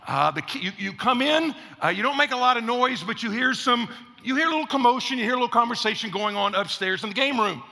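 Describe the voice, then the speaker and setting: Animated male preacher, bright and gravelly. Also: sits high. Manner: animated preacher, acts out complainers in raised voices. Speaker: pastor. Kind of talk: sermon. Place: church sanctuary. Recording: long hall reverb.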